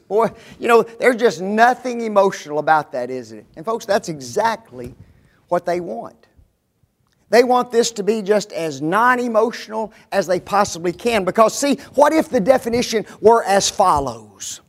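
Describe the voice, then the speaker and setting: High-voiced man preaching emphatically. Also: animated, normal speed. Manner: emphatic, rhetorical questions. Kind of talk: sermon.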